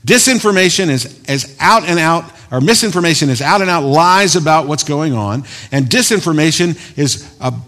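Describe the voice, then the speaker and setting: Male pastor, animated sermon delivery, loud peaks and soft asides, reverberant hall. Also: a little high, moderate pace, few pauses. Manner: animated preaching, swinging from loud emphatic bursts to quiet asides.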